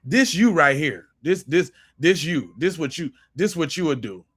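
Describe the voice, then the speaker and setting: A man's voice: on the high side, lively intonation, measured pace, a bit bright, slightly rough. Blunt, profane male podcast host. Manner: blunt, profane, repeats and restarts phrases. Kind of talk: commentary on played video clips.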